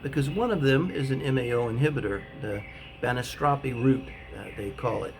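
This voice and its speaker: A man telling a personal story in a casual, rambling way, with many pauses and fillers. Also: medium pitch, background noise. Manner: rambling and hesitant, full of fillers. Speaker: author telling his own story.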